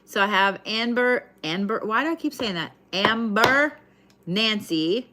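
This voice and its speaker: A woman's voice: mid-range voice, animated, unhurried, background noise. A woman giving a live tarot reading in a casual, chatty way, swearing freely. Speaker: tarot card reader.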